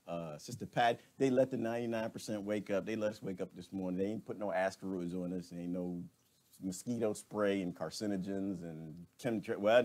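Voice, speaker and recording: A middle-aged man hosting a casual morning live stream, ranting, greeting viewers by name and laughing often. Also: mid-range voice.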